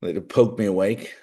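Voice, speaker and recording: A man's voice: lowish voice, dark tone, slightly rough. A man hosting his own live show, talking casually and jokily, rambling from one topic to the next and sounding sleepy. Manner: jokey, chatty, wanders off topic. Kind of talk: rambling casual livestream chat. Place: small studio.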